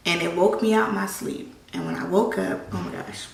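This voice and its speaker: Emotional woman with a gravelly, echoey voice. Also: fairly low pitch, fairly even intonation, far from the mic, slight background noise. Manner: halting, emotional, frequent restarts and fillers. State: holding back tears. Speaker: vlogger. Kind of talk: personal storytelling vlog. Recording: echoey room, voice a bit off-mic.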